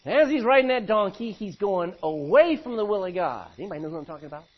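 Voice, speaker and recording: A pastor preaches a sermon in a folksy, conversational style, weaving in personal stories and asides. His voice sits high and breathy, very animated, and he talks fast. The recording is dull and lo-fi.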